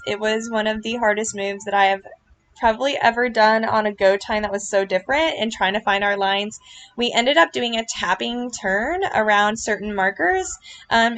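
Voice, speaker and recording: A woman giving casual reaction commentary on a video, gushing and earnest, with lots of fillers and quick apologies. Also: on the high side, fairly bright tone. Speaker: vlogger reacting to her club's riding routine.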